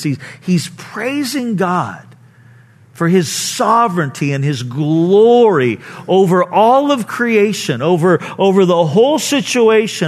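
A male pastor preaching a conversational sermon, teaching informally with frequent asides and acting out the people he quotes. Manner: acts out quoted people with raised pitch.

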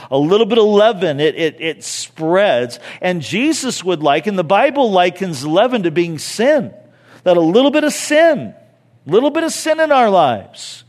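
A male pastor delivering a sermon in a fairly high, very lively voice that climbs and dips a lot. He keeps it conversational and slips in joking asides, then leans into the key phrases with real emphasis.

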